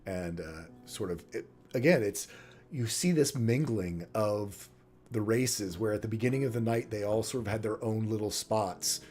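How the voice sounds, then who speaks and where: A man running a tabletop game, narrating in a relaxed, chatty way with many fillers. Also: lowish voice, normal speed. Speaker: game master.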